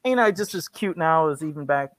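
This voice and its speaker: A man's voice: a little high, expressive, a little fast, a bit bright. A man in a casual video-call chat, joking and swearing as he boasts about himself. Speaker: podcast co-host.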